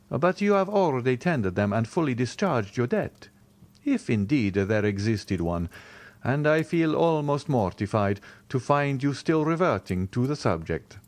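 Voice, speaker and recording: A man's voice: medium pitch, pitched above the performer's own voice. A man voicing a suave, mysterious wealthy count in an audiobook, with formal, courtly phrasing.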